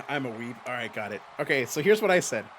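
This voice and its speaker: This streamer, host of a fantasy wrestling league, talks fast in a medium-pitched, fairly bright voice that swings widely in pitch. He calls a wrestling game and jokes around with his audience, addressing the chat directly, with slight background noise in the mix.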